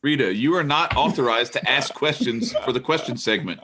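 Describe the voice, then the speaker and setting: A man's voice: mid-range voice, animated, a little fast, pushed and bright, a little hiss or hum. A man handling the team's budget in a casual group chat, defending himself while laughing. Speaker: team member handling the budget.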